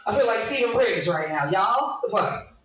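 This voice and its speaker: A woman's voice: mid-range voice, animated, moderate pace, fairly bright tone. Brash profane woman comic, echoey room. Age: 40s. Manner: brash, profane, laughing at her own jokes. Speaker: stand-up comedian. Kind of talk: live stand-up with crowd work. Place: small live comedy room. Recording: echoey room from far off, faint noise.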